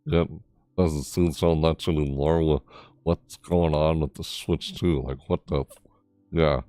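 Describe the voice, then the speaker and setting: Rambling low-voiced man reacting to a game. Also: fairly even intonation, a little slow, warm tone, dry recording, studio quality, faint music behind. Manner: rambling, easily amazed, many fillers; voice jumps high in surprise. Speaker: gaming YouTuber. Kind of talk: casual game commentary.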